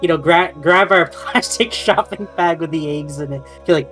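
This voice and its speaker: A man's voice: a little high, moderate pace, hardly any pauses, sharp tone, soft background music. A man playing a tabletop game, describing his actions with stammering restarts. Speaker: player.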